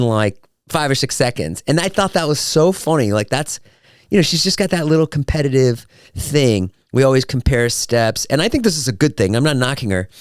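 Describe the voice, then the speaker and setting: A man's voice: medium pitch, smooth, no room sound, studio quality. A man hosting his own podcast, chatting casually and acting out quotes as he tells stories. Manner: animated storyteller, acts out quotes. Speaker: podcast host. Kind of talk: casual solo podcast chat.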